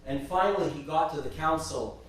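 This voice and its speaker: A man teaching a church class and retelling saints' stories, halting and repeating words as he goes. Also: on the high side, a little hiss or hum. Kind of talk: storytelling religious class talk. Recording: very echoey church from a distance.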